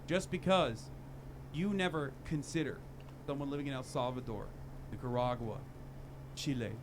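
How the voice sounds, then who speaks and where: A male political commentator lecturing angrily with emphatic, profane punches. His voice sits at a middle pitch, coming through a noisy clip played on a stream. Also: moderate pace. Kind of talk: heated political rant.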